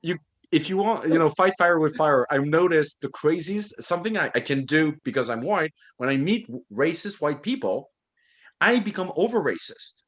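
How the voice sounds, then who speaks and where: A man co-hosting an online book discussion over a video call, telling stories in an animated way and laughing often. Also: a little high, moderate pace. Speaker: book club co-host.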